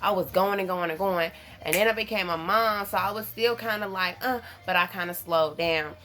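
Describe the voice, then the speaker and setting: Profane, animated woman. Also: medium pitch, normal speed. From North Carolina. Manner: animated, profane, addresses viewers as y'all. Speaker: vlogger. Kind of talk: casual storytelling to camera.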